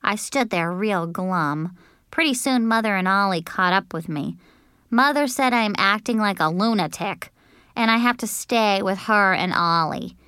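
A woman reads a children's story aloud with a lively, bouncing voice and an unhurried pace. Her tone is bright and crisp, recorded close and dry. She tells it in an animated, childlike way. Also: mid-range voice, dry recording. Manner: animated, childlike first-person telling. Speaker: audiobook narrator. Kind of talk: expressive storybook narration.

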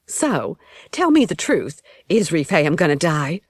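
A woman voicing a distraught young woman in an audiobook, pitched high and strained. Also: big pitch swings, unhurried, husky, no room sound, heavily acted. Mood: upset, pleading. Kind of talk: audiobook character voice.

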